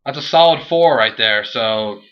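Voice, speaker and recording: A young man reviewing a wrestling show in a casual, animated, rambling and jokey way. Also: medium pitch, measured pace, clear, resonant tone. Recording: dull lo-fi home recording.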